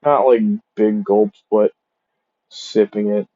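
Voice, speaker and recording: A man's voice: on the low side, fairly even intonation, slow, phone-quality sound. A man casually retelling a fan story, rambling with many fillers and restarts.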